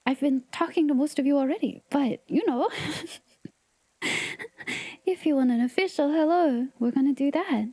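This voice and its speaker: Speaking at normal speed with long pauses, a woman hosting a livestream chats playfully with viewers, often giggling and occasionally whispering. Her high voice is mellow, and the recording is dry.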